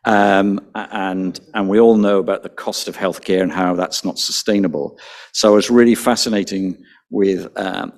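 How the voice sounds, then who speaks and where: A man leads a panel discussion in a very deep voice. He speaks thoughtfully and often doubles a word at the start of a phrase before going on. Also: darkish tone. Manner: thoughtful, repeats words when starting sentences. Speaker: panel moderator.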